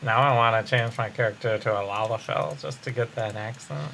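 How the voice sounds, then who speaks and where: A man chats through a game stream in a bright, sharp voice, teasing his co-player in a dry way. A faint hiss runs under his voice. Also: medium pitch, brisk, creaky. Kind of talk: casual gameplay chat.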